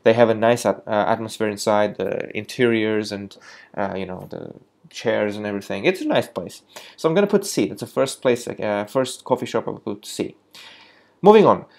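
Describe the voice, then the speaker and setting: A man's voice: fairly low pitch, expressive, moderate pace, gravelly, darkish tone. Hesitant man rating coffee shops. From lives in London. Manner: hesitant, many fillers and restarts, rising energy on "moving on". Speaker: coffee reviewer. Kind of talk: casual talk to camera, ranking coffee shops.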